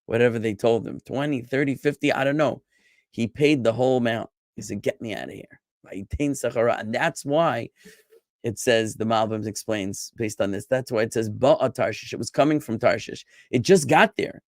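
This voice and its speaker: Chatty rabbi teaching online. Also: male voice, medium pitch, normal speed, dry recording, studio quality. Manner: lively, chatty, joking with students. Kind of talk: online class lecture.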